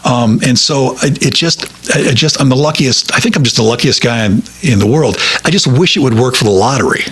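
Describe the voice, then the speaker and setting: A middle-aged man, a radio broadcaster, telling stories from his career in a casual interview, rambling with many halting restarts. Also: medium pitch, fairly bright tone, slightly rough.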